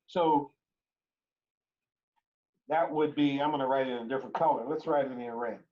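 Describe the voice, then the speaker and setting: A man's voice: a little high, a little mellow. Male chemistry teacher, repeating key points. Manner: repeats key phrases, checks in with "right?". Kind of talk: recorded online lecture. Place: home or classroom during remote teaching. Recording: dull lo-fi lecture recording.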